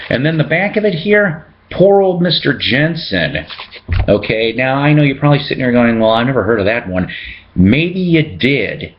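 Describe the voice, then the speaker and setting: A man's voice: medium pitch, lo-fi sound. A man hosting a casual show-and-tell video about his records, chatting and joking as he reads out the labels. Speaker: record collector host.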